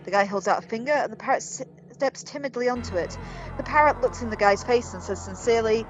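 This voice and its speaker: A woman's voice: fairly high pitch, quick pace, soft background music, poor audio. A woman playing a video game, reading its emails and jokes aloud with casual, wry remarks. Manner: casual, wry, reads jokes with put-on voices. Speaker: let's play gamer.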